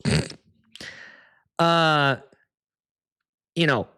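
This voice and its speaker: As the DJ and host of a casual livestream, a man tells stories with energy, swearing freely as he acts out what guests said. He speaks at normal speed in a medium pitch.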